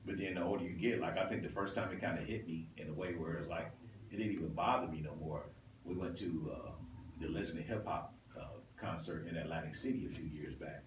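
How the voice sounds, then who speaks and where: Animated storytelling man, distant roomy mic. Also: low voice, fairly quick, background noise. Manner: animated storyteller who laughs often. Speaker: host DJ. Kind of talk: casual chat.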